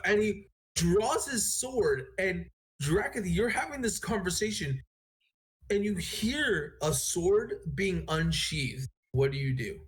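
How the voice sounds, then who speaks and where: Rambling game master with lively pitch. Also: a little slow. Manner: rambling, self-correcting narration. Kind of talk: narrating a tabletop game.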